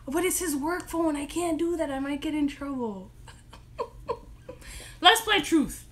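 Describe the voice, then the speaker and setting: A woman's voice: high voice, lively intonation, slow, pauses often, a bit bright. A young woman hosting a casual live stream from her bedroom, chatty, giggly and self-deprecating. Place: home bedroom.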